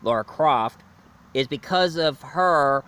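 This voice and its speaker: A man's voice: a little high, lively intonation, slow, fairly bright tone, clear, resonant tone. A man from the United States chatting in a rambling way through a casual video review, laughing at his own jokes.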